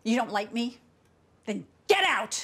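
An actress playing a middle-aged mother with a shrill, scolding, indignant manner in a film drama. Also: very animated, a little slow, fairly bright tone, heavily acted. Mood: furious.

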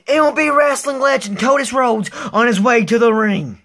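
Very high-voiced, excitable male commentator. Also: moderate pace. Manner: excitable, swears often, shouts on big moves. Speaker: wrestling commentator and ring announcer.

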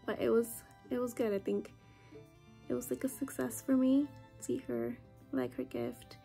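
A woman's voice: on the high side, big pitch swings, moderate pace, vocal fry, dark tone, soft background music. A young woman chatting casually to the camera at home, saying "like" a lot. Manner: chatty, says "like" often. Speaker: vlogger. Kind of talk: casual vlog chat. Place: at home after a family visit.

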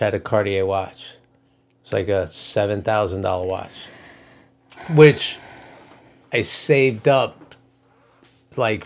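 A man's voice: lowish voice, gravelly. A man from Brooklyn, retelling a story in casual chat, blunt and profane. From Brooklyn, New York. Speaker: podcast co-host.

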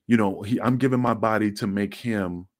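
A man's voice: lowish voice, normal speed, dry recording, clean studio sound. A middle-aged man, a former wrestler, telling rambling, profane stories in a casual interview. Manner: rambling, profane, acts out quotes.

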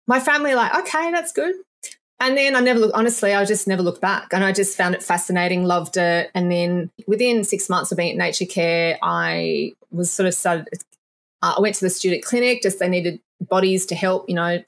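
A woman of middle pitch chats as a guest on a podcast. She is lively and laughs often. She slips into little acted voices when she quotes people. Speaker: naturopath guest. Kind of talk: casual podcast interview.

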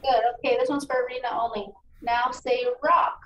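A woman teacher giving a phonics lesson to children, encouraging and enunciating each sound clearly. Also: fairly high pitch, fairly even intonation, moderate pace, lo-fi sound. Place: meeting room. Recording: echoey room, distant mic, faint noise.

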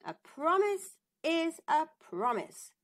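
A woman's voice: high-pitched, sing-song, slow pace, voice pushed up, full character voice. A woman voicing a firm, commanding queen in a storybook reading. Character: stern storybook queen, mother of the princess.

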